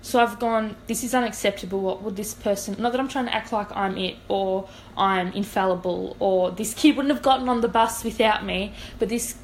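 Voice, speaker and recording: A woman's voice: medium pitch, moderate pace, few pauses, slight background noise, low-quality recording. A young woman, a podcast co-host telling a long story in casual chat and acting out what people said. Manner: animated, acts out quoted dialogue.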